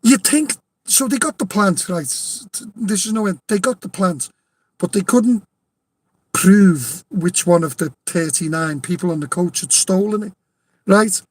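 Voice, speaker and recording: A man's voice: high-pitched, unhurried. A man with a Liverpool accent telling a rowdy anecdote in casual chat, swearing freely, laughing often and insisting it is true. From Liverpool, England. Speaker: storyteller.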